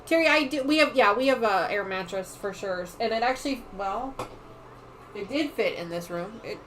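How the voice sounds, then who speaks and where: A middle-aged woman hosting a home quilting livestream, chatting casually and rambling, often trailing off into quiet muttering as she works. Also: a little high, animated, moderate pace, a little hiss or hum, low-quality recording. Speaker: sewing livestream host. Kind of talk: casual chat while quilting.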